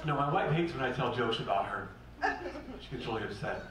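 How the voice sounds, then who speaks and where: A man's voice: medium pitch, huge pitch swings, fairly quick, a loud crowd. A man doing a brash, punchy stand-up set and acting out the characters in his stories. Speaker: stand-up comedian. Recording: echoey club recording from a distance, loud noise.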